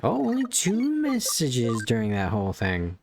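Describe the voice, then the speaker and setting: A man's voice: medium pitch, wildly swooping pitch, unhurried, creaky, music in the background. A man playing a game, reading its dialogue aloud with casual, wry asides. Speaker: gamer.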